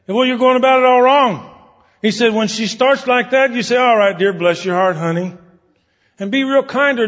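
Man preaching, husky voice, slightly high, echoing church hall, dull recording. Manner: earnest, folksy preaching with quoted voices and repetitions. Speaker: pastor. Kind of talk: sermon.

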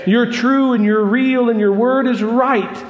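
A man's voice: sits high, expressive, unhurried, highs cut off. Man doing a weary believer, pleading, fervent, sermon story, reverberant hall. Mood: jubilant. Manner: tired and pleading, then jubilant shouting. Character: weary believer man who regains his faith.

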